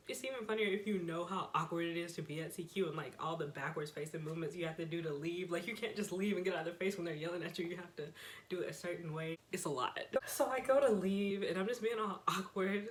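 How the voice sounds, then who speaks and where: A young woman with a slightly low voice tells a story from her own life, casual and chatty. She laughs often and keeps an easy, personal storytelling flow. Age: young adult. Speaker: vlogger.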